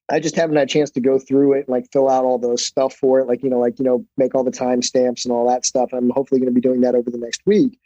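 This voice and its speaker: A man as a podcast guest, telling stories casually in an animated, profane way, full of fillers. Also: medium pitch, no room sound, dull audio. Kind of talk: casual storytelling.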